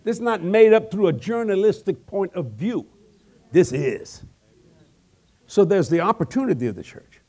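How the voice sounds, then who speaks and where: An older man preaching a comic, animated sermon, with sudden shouts, laughing asides and folksy grammar. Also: high voice, normal speed. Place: large church hall.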